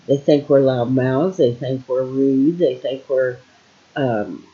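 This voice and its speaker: Older lady from ohio just rambling at home, slow, lots of um and you know, kinda muffled sound. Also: very deep voice, mellow. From Ohio, USA. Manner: meandering, with many fillers and trailing thoughts. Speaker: vlogger. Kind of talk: casual rambling monologue.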